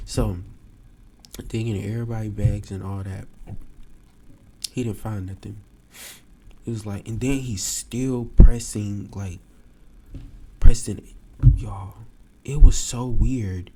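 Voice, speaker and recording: A young man hosting a podcast, telling a story casually to a live audience and acting out the quotes with sudden jumps in pitch. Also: steady tone, unhurried, long pauses, dark tone, slight background noise. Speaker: podcast host.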